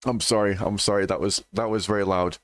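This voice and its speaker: A man's voice: on the low side, steady tone, fairly quick, a bit bright, no room sound. A man giving sweary, mocking reaction commentary on a cheap microphone. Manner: sweary, mocking, laughs often. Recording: dry cheap home mic.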